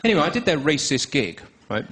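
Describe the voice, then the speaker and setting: A man's voice: fairly high pitch, sing-song, heavy background noise. A man with a posh English accent performing a dry, self-mocking stand-up comedy set on stage. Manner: dry, self-mocking, drawn-out delivery with pauses for laughs. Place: comedy stage before a live audience.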